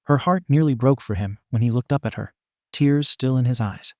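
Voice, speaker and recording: A man narrating a fan fiction story in an even, steady storytelling manner. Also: mid-range voice, normal speed, no echo, clean studio sound. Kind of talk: reading fan fiction aloud.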